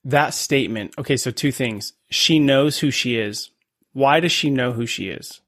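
A man's voice: mid-range voice, moderate pace, a bit bright, no room sound, studio quality. A man hosting a podcast interview in a casual, blunt and affirming way. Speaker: podcast host.

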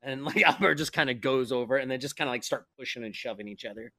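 A man narrating as game master, rambling and animated, with spoken sound effects. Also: medium pitch, quick pace, no room sound.

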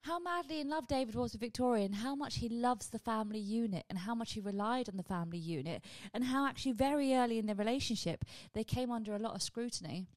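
A woman hosting her own vlog, chatting casually and rambling with quick asides to her viewers. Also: a little high, a little mellow, no room sound. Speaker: vlog host. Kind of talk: casual chat.

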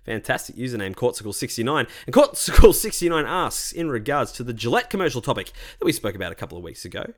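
A man hosting a solo podcast, ranting about ads and answering a listener question, addressing his audience as ladies and gentlemen. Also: medium pitch, big pitch swings, fast, few pauses. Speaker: podcast host.

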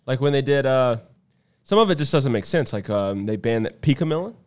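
A man's voice: mid-range voice, lively intonation, fairly quick, clean tone. A man co-hosting a casual podcast, joking and cutting in on his partner. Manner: joking, interjecting. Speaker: podcast co-host, business owner.

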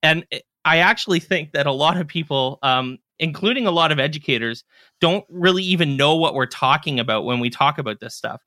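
Man, podcast host, bright forceful voice, dry close sound, casual chatty delivery. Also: on the high side, fairly quick, no room sound. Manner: chatty, trails off and restarts, relaxed.

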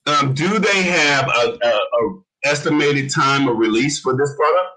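A man's voice: medium pitch, a little slow, poor audio. A man co-hosting a live tech show over a video call, teasing his co-host in casual banter. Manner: teasing, animated, joking.

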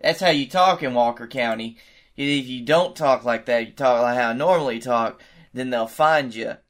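A man co-hosting a comedy podcast spins a rambling anecdote, swearing freely and getting animated as he goes. His voice sits at an ordinary middle pitch. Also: normal speed. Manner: profane, animated anecdote telling. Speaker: podcast co-host. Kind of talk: casual comedy storytelling.

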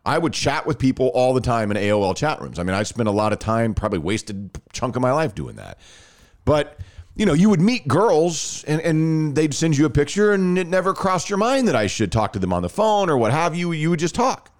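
A man's voice: on the high side, brisk. A man in his thirties casually telling a personal story on a podcast, acting out the dialogue. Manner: animated, acts out quoted dialogue.

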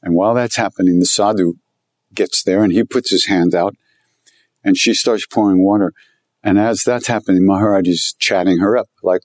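A man telling a story in conversation, rambling and repeating himself as he gets animated. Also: low voice, normal speed, no room sound. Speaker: guest telling stories about his teacher.

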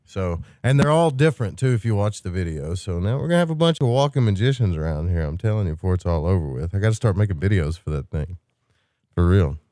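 A man's voice: deep voice, lively intonation, fast, mellow, no room sound, studio quality. A man hosting a late-night open-lines radio show, telling rambling stories in a loose, casual way. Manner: rambling, loose storytelling with fillers.

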